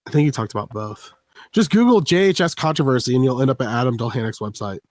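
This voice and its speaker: A man's voice: mid-range voice, big pitch swings, fast talker, a little mellow, no echo. A man from the US East Coast co-hosting a podcast, chatting casually, joking and laughing often as he rambles. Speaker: podcast co-host. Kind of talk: casual chat.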